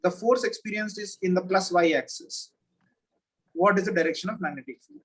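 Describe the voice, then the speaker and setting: A man with a high, slightly husky voice tests a student over a video call. He talks patiently, repeats each question slowly and checks every step. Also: rough recording. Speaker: physics teacher. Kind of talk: online oral exam questioning.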